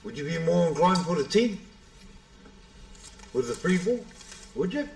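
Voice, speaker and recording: A man's voice: high-pitched, measured pace, vocal fry. A man giving casual live pool commentary, bantering and calling people bro. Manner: relaxed banter, calls everyone bro. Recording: echoey room.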